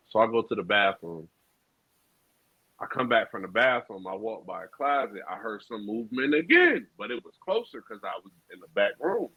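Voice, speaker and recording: A man co-hosting a podcast, telling a profane story in a casual, animated street style. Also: on the low side, moderate pace, husky, no echo. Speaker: podcast co-host. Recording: dull lo-fi sound.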